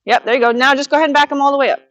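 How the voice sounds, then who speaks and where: With a high voice and no echo in the recording, a female horsemanship instructor guides her student in real time through steady instructions and fast, repeated encouragement.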